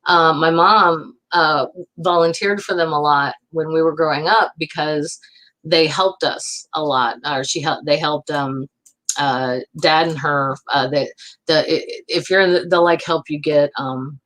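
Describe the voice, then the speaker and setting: A woman's voice: low voice, steady tone, unhurried, fairly bright tone. A woman hosting a casual livestream, chatting loosely with viewers, rambling and often laughing as she answers comments. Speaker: livestream host.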